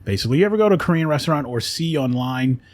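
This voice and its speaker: A man, an actor and voiceover artist, chatting as a guest in a radio studio in a relaxed, rambling way and laughing often. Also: on the high side, racing. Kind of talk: casual conversation.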